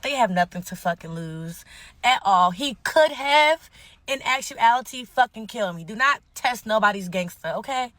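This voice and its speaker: A woman's voice: fairly high pitch, animated, moderate pace, a bit bright, no echo. A young woman telling a wild personal story in casual, profane slang, laughing often. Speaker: guest telling her story. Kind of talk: animated storytelling.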